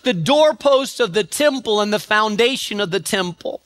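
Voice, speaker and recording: A man preaching a sermon as pastor, building dramatically and rising to shouts on repeated refrains. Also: high voice, lively intonation, moderate pace, hardly any pauses, no room sound, studio quality.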